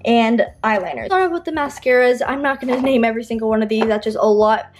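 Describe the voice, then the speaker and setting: With faint music playing behind her, a teenage girl talks fast in a fairly high voice while touring her makeup collection. She's a beauty vlogger whose throat sounds strained and tired, and she rambles chattily with lots of ums and self-corrections.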